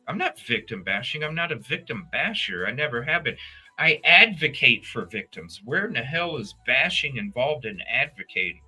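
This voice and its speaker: A middle-aged man hosts a casual true crime livestream. He greets his chat by name and rambles in a profane, animated way. His voice is very bright and forceful, with faint music under it. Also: medium pitch, moderate pace, husky. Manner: animated, profane, talks straight to chat viewers.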